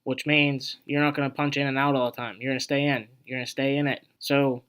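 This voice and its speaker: A man's voice: mid-range voice, little pitch movement, brisk, a bit bright, clear, resonant tone. A young man hosting an investing video, casually explaining a stock chart in a rambling, conversational way full of asides and filler words.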